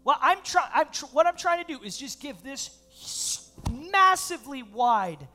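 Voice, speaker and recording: A male pastor preaching a sermon, reading scripture aloud and breaking into animated, laughing asides. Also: very high voice, a little slow.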